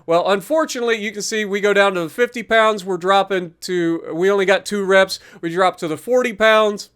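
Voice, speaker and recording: A man's voice: high-pitched, fairly even intonation, fairly quick, fairly bright tone, clean tone. A man talking viewers through his gym workout in a chatty, upbeat voice-over. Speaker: fitness vlogger. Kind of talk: casual workout commentary voice-over.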